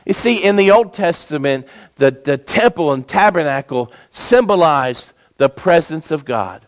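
A man preaching a sermon as pastor, slowing down and leaning hard on key words for emphasis. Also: fairly high pitch, expressive. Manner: preaching with emphatic, slowed-down stresses.

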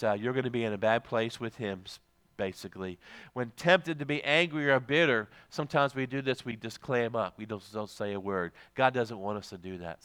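Bright, clear-voiced preacher man. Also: mid-range voice. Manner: preaching with loud rises and soft drops; reads scripture slowly and emphatically. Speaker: pastor. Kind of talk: sermon.

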